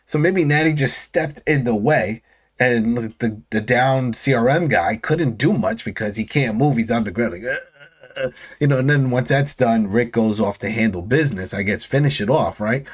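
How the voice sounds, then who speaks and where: A man in a casual recap chat, talking in loose, rambling sentences and acting out characters' lines. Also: medium pitch. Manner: rambling, acts out characters' lines in quick voices. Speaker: podcast co-host.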